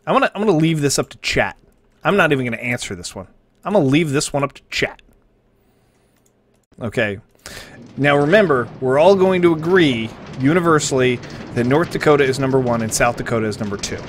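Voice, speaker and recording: A man's voice: mid-range voice, lively intonation, fairly quick, slight background noise. A man hosting a live stream, reacting to viewer links with sarcastic, swearing commentary that sometimes turns mock-preachy.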